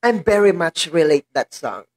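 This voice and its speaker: A Filipino-accented woman vlogging in casual chat, tearful and emotional, talking haltingly and laughing through her tears. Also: fairly low pitch, big pitch swings, darkish tone, dry recording.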